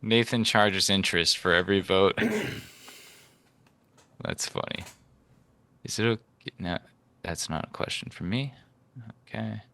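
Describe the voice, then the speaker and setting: A man's voice: fairly low pitch, lively intonation, slow, gravelly, long pauses, sharp tone. A man moderating a live-streamed debate, reading out donations and joking with the guests in a teasing, casual way.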